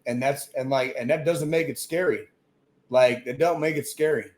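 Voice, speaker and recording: A man's voice: mid-range voice, moderate pace. A man co-hosting a casual podcast who rants emphatically, swearing constantly and repeating himself. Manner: profane, emphatic ranting with repeated phrases. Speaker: podcast co-host.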